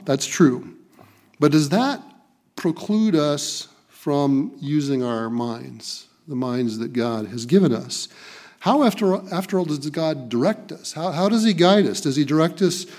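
A man delivers a sermon, his voice pitched a little higher than most men's. He drives points home by repeating phrases and sometimes restarts a sentence mid-thought. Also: darkish tone. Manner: emphatic, repeats key phrases, occasional restarts. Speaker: preacher. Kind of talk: sermon with scripture reading.

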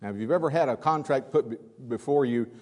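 A man in his sixties, a visiting preacher with a weak voice, giving a folksy sermon with many filler pauses. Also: mid-range voice, a little mellow. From California. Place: church hall. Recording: long hall reverb.

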